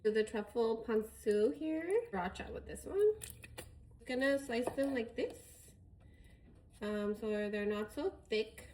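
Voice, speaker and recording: A woman's voice: on the high side, a little slow, darkish tone. A woman casually narrating as she prepares food for her cooking vlog. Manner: chatty, talks while preparing food. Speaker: cooking vlogger.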